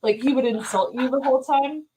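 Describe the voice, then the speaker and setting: A woman's voice: high-pitched, fairly quick, mellow, a little hiss or hum, rough recording. A woman co-hosting a casual chat, telling amused anecdotes.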